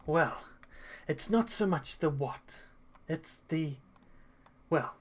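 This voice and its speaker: A woman voicing a male cult host who speaks in a measured, ominous way. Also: sits low, animated, full character voice. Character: smooth male cult host, menacing schemer.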